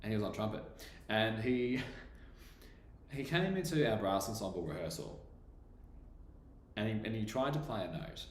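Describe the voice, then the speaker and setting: Aussie guy on a live stream, lowish voice, keeps laughing, echoey room. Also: animated, moderate pace, pauses often. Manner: chatty, laughs often, reads out comments. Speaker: livestreaming bass trombonist. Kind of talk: casual live-stream chat with viewers. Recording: echoey room with faint background noise.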